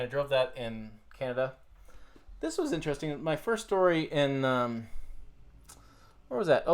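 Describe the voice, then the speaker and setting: A man hosting a casual livestream from a home office into a desk microphone, rambling, correcting himself and swearing casually. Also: mid-range voice. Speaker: channel host. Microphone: desk USB microphone.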